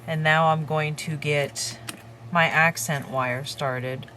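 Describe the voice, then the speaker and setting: A woman hosting a crafting tutorial, calmly talking through each step while she works with her hands. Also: deep voice, a little hiss or hum. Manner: calm, unhurried, talks while working with her hands.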